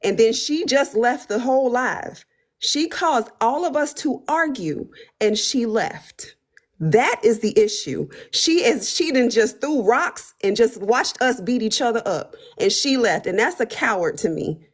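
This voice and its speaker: A woman in her fifties takes charge of a heated livestream with firm, authoritative calm. Her voice sits slightly high. She tells people to listen and lays out her case with steady insistence. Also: measured pace. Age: 50s. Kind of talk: livestream moderating.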